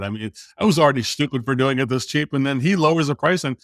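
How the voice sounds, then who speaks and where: A man's voice: medium pitch, fast talker, hardly any pauses, no room sound, clean studio sound. A middle-aged man on a podcast, telling a story casually and acting out the quotes in it. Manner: animated storyteller who acts out quotes. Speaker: podcast guest.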